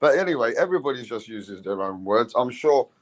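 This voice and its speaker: A British man hosting a loose, casual chat. He swears freely and talks with animation, sometimes mimicking other accents. His voice sits at a middle pitch, and the sound is dry and close, with no room echo. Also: big pitch swings, a little fast. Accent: British English. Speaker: host.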